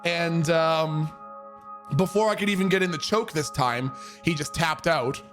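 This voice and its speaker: A man's voice: on the high side, unhurried, over music. Swearing young man telling a story. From Canada. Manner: profane, animated, many fillers. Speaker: streamer. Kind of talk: casual storytelling.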